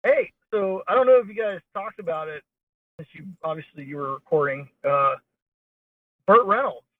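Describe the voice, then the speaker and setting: A man's voice: a little high, animated, moderate pace, dry recording. A man in casual chat, telling rambling stories in a wry, blunt way over a call. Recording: tinny phone line.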